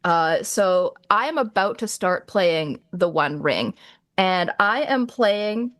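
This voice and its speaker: A woman's voice: medium pitch, expressive, slow pace, fairly bright tone, no echo, studio quality. A woman co-hosting a tabletop game livestream, chatting casually and explaining rules with examples. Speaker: livestream co-host. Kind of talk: casual chat about tabletop games.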